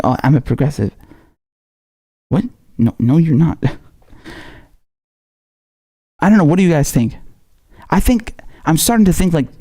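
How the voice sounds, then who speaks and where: A man's voice: medium pitch, dark tone. A man hosting a political commentary livestream, chatting loosely with viewers in a slangy, repetitive, off-the-cuff way. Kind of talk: casual livestream chat.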